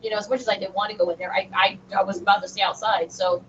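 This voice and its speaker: A middle-aged woman, an interview guest telling a personal story in an animated, emphatic way with frequent restarts. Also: medium pitch, very fast. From Southern United States. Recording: distant, dull remote audio with faint noise.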